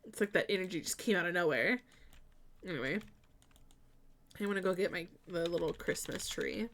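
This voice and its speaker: A young woman streaming casually as she builds in a game, chatty and giggly with sudden bursts of excitement. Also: on the low side, moderate pace.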